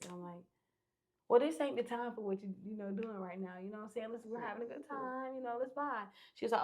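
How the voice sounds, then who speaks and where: A woman's voice: a little high, fast, darkish tone. A young woman chats as a podcast guest, telling a personal story in a loose, casual way. She is candid and swears freely. She slips into other people's voices as she quotes them.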